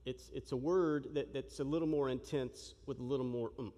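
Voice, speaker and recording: A man preaching a sermon in an animated, joking way, acting out the shouting crowd as he tells the story. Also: medium pitch, a little fast. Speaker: pastor. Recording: long reverb of a large hall.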